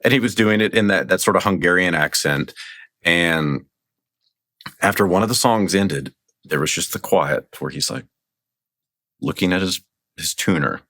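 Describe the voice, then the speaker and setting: A man with a very low voice, a podcast guest talking in a loose, rambling way. He sounds excited about his subject and keeps reaching for "like" as he goes. The recording is close and dry, with no room sound. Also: moderate pace, long pauses, no room sound. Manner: rambling, enthusiastic, heavy use of "like". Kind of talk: casual conversation.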